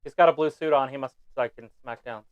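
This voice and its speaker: A man co-hosting a casual live stream, telling animated stories and joking freely. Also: medium pitch, fast, clean tone, no echo. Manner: animated storyteller, jokes and swears casually. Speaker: co-host.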